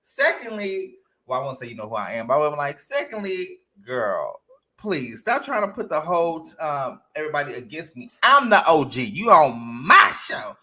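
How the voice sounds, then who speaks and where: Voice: mid-range voice, very animated, moderate pace, sharp tone, slight background noise. A podcast co-host giving sassy, emphatic takes on a reality show, acting out comebacks in casual chat. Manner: sassy, emphatic, acts out what people should say.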